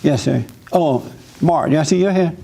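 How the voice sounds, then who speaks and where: A man's voice: normal speed, creaky, slight background noise. A man preaching an informal sermon, talking with his congregation and acting out others' voices. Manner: animated, acts out mother in a high voice.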